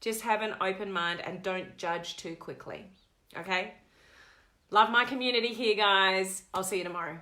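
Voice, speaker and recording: Bright-voiced woman coach chatting live. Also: mid-range voice, normal speed. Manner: animated, digressive storytelling. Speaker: network marketing coach. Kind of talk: live-stream chat to viewers.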